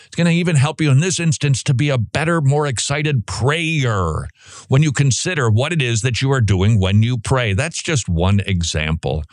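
A man's voice: mid-range voice, no room sound, clean studio sound. A man hosting a Christian radio show, talking casually and rambling, with asides to his co-host and appeals to listeners.

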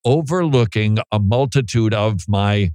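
A man's voice: on the low side, unhurried, darkish tone, no echo. A man hosting a radio program, talking in a casual, joking way and laughing often. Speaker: radio host.

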